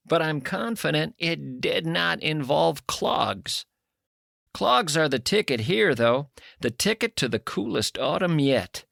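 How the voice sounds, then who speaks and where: Creaky high-voiced wry male talk host. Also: a bit bright, dry recording, studio quality. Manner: wry, musing, mock-serious storytelling. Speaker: radio talk show host. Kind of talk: comedic monologue.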